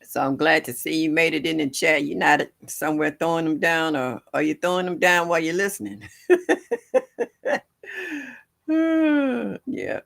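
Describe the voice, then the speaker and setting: A woman's voice: low voice, lively intonation, normal speed, vocal fry, few pauses, a bit bright. An older woman hosting a gardening livestream from home, chatting and laughing with her viewers in a chatty, folksy way. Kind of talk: casual chat with live viewers. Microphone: livestream setup.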